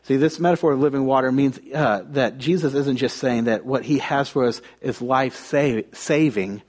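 A man's voice: mid-range voice, normal speed, a little mellow. A young man from the United States preaching a conversational sermon, telling stories and often restarting his phrases.

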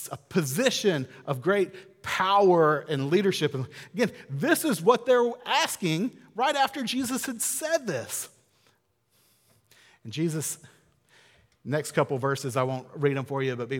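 A man preaching a sermon in a casual, animated way, acting out the quotes he tells. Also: on the high side, big-room sound. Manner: conversational, animated, acts out quotes. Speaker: pastor.

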